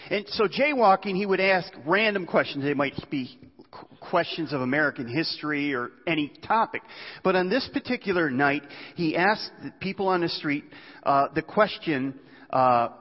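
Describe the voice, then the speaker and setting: A man preaching a sermon, spinning a story conversationally and tossing rhetorical questions at the congregation. His voice sits a little above the usual male range. It sounds dull and rings with a long hall reverb. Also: a little high.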